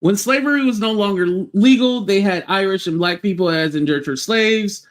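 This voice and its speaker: A man hosting a livestream, giving blunt, heated commentary with swearing and quick acted-out quotes. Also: sits high.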